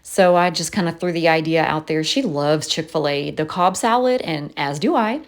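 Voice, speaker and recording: A woman's voice: low-pitched, normal speed. A woman chatting casually in a voice-over, telling stories and laughing often. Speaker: planner vlogger.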